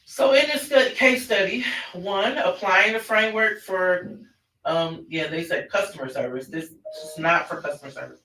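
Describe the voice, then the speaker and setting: A man's voice: sits high, normal speed, bright, forceful tone. A man presenting an online parenting class in a conversational way, often restarting his sentences. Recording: roomy, distant mic.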